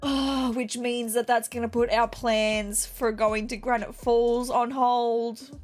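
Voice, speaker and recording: A woman's voice: fairly high pitch, level tone, takes it slowly, darkish tone, soft background music. A woman giving casual, chatty commentary while playing a video game, talking straight to her viewers and wearing her feelings openly. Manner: chatty, addresses viewers directly, emotional, near tears at times.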